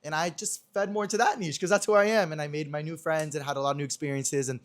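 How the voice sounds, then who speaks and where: In a small room, a young man hosts a podcast, chatting casually and acting out quotes as he retells a story. His voice is a little high, and he speaks quickly in a steady tone.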